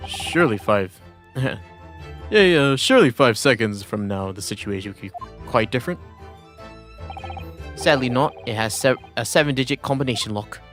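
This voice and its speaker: A man's voice: mid-range voice, animated, moderate pace, pauses often, a bit bright, faint music behind. A man streaming, reading game dialogue aloud with casual asides and frequent restarts.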